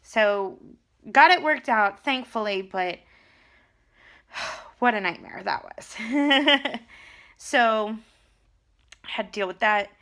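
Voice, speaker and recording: A young woman talks straight to her camera at home in a loose, chatty vlog. Her voice is bright and forward, and she tells her story in a lively way, replaying the back-and-forth of a conversation as she goes. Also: fairly high pitch, slow, long pauses. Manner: animated storytelling, retelling conversations. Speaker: vlogger. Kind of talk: casual chat.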